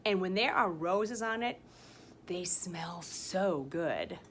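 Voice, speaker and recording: A woman teaching a science lesson to young children, talking in a slow, sing-song teacher voice full of exaggerated enthusiasm. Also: fairly low pitch, lively intonation, heavy background noise. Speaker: kindergarten teacher. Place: school campus, partly outdoors.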